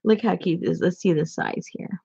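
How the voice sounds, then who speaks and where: Chatty gravelly woman, lo-fi sound. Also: fairly low pitch, moderate pace, warm tone. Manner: chatty, giggly, rambling. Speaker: crafter showing handmade gifts. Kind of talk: casual vlog chat.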